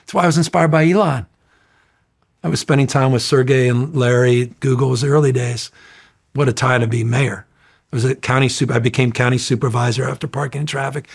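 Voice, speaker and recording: A middle-aged man telling stories in a casual interview, energetic, rambling and profane. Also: mid-range voice, a little fast, vocal fry, breathy edge. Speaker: interview guest.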